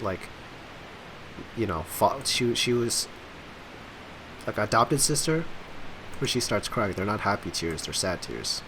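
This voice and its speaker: A man's voice: on the low side, noisy background. A man hosting a game playthrough, reading the dialogue aloud dramatically and breaking off for wry comments. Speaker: let's play host.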